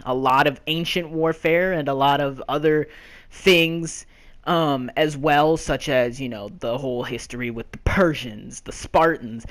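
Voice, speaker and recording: A young man talks through a casual gaming countdown as its host. His voice sits a little high, and he rambles, leaning on fillers and loose restarts as he goes. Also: a bit bright.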